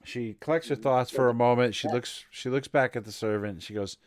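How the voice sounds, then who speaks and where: A man narrating as game master of a tabletop game, unhurried and conversational. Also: medium pitch, dry recording, studio quality.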